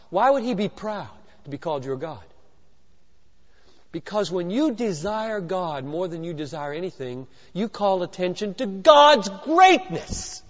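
High-voiced man preaching in an echoing hall. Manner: emphatic, swings from hushed to loud; rhetorical questions and repetition. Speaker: pastor. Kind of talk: sermon. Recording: dull lo-fi recording in a long-reverb hall.

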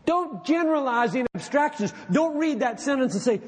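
Male preacher, lively high voice, unhurried emphatic sermon delivery, long hall reverb. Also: slight background noise. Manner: animated, emphatic, drops low and slow when reading quotations aloud.

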